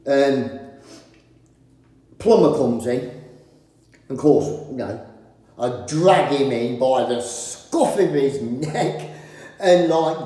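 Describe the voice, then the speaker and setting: A man's voice: mid-range voice, animated, extremely slow, pauses often, warm tone, distant mic. A British man, a decorator vlogger, telling a rambling, wry story in casual chat. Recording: very echoey room with long reverb.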